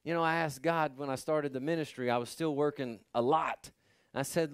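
A man's voice: a little high, steady tone, moderate pace, clean tone, no echo, studio quality. A man pastor preaching a sermon, building emphasis and calling for responses from the congregation.

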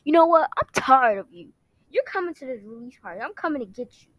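A woman's voice: sits high, sing-song, no echo, rough recording. A woman voicing a young man who is a struggling singer and someone's boyfriend, in an amateur online drama, talking in a whiny, accusing way. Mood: fed up. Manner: whiny, accusing, rapid complaints.

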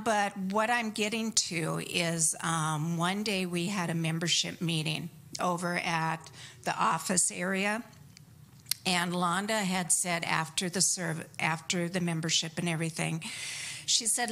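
A middle-aged woman giving an earnest personal testimony in a church service, telling her story haltingly with restarts. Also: mid-range voice, vocal fry, pushed and bright.

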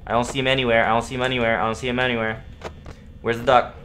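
A young man streaming a horror game, swearing, repeating himself and yelling at scares. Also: mid-range voice, level tone, racing, slight background noise. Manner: profane, jumpy, repeats himself, yells at jumpscares. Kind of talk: live gameplay commentary.

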